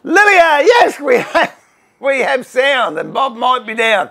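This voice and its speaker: A man's voice: extremely high pitch, animated, slow pace, creaky, bright, forceful tone. A middle-aged Australian man hosting a woodworking livestream, chatting casually and greeting viewers by name with self-deprecating humour.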